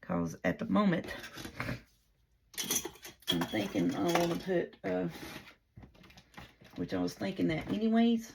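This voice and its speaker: A woman's voice: fairly low pitch, wildly swooping pitch, a little slow, creaky, long pauses, background noise. A woman chatting casually through a paper craft tutorial, rambling in a folksy way and talking through her own mistakes as she works. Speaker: paper crafter demonstrating a project.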